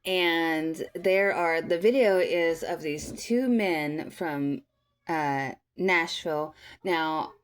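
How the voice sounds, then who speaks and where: A young woman vlogger with a notably low voice chats to her viewers in a loose, rambling way. She fills her talk with ums and likes and often restarts her sentences. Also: extremely slow, smooth. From Tennessee, US. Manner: chatty, rambling, many fillers and restarts. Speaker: vlogger, mother. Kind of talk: casual storytime commentary.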